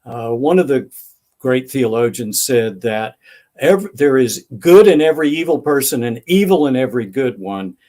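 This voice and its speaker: A man's voice: mid-range voice, expressive, normal speed, mellow. Older man telling anecdotes thoughtfully. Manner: thoughtful, acts out remembered dialogue. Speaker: author guest. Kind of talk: interview answers, anecdotal storytelling.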